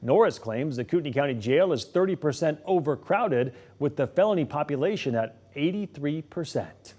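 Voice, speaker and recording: A man anchoring a late-night local newscast, reading stories in a steady, measured way. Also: a little high. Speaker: news anchor. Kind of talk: scripted news reading.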